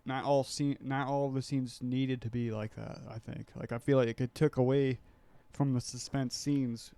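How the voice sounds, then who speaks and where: A man's voice: mid-range voice, steady tone, normal speed, dark tone, smooth. Laid-back man chiming in with jokes. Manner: laid-back, laughs often, chimes in with jokes. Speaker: podcast co-host. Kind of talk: casual chat.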